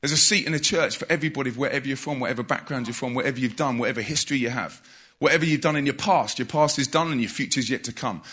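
Bright-voiced joking preacher. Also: male voice, medium pitch, racing, slightly rough. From England. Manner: jokey, conversational, calls out to the congregation. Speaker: visiting preacher. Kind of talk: lively church talk. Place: church hall.

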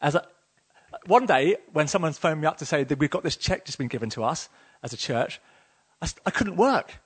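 Enthusiastic pastor, fairly high voice. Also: male voice, animated, a little fast, slightly rough. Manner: enthusiastic, emotional, conversational with many fillers. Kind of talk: sermon.

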